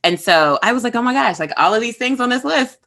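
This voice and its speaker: Bright, lively woman with a low pitch. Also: fast talker. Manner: expressive, emphatic, retells advice with lots of fillers. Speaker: podcast co-host. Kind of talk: casual chat.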